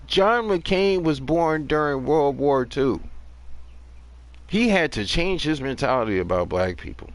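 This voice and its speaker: A man's voice: on the high side, lively intonation, unhurried. A man in his thirties ranting bluntly and sarcastically during a casual gaming livestream, with plenty of profanity. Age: 30s.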